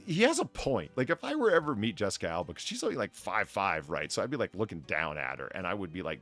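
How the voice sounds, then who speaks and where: A man's voice: on the low side, big pitch swings, fast talker, hardly any pauses, a bit bright, soft background music. A man hosting a podcast, rambling and cursing through crude comedic banter with lots of stammering restarts. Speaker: podcast host.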